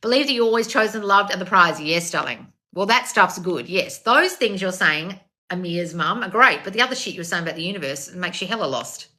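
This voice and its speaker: A woman coaching on a livestream, her voice bright and forward. She answers viewer comments bluntly, swears freely and calls everyone darling. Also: lowish voice, expressive, fairly quick. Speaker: self-help coach.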